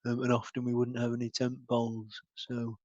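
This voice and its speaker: A man's voice: mid-range voice, monotone, normal speed, a little mellow, dry recording. Mild, hesitant man, dry lo-fi sound. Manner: hesitant, mild, full of ums. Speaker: radio host character. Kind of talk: improvised comedy sketch. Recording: dull, dry lo-fi audio.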